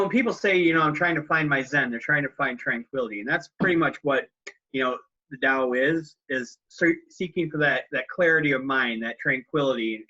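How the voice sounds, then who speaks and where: Bright-voiced man chatting on a lo-fi podcast. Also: fairly high pitch. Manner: retells scenes acting out lines in raised voices. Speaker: podcast co-host. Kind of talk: casual film discussion.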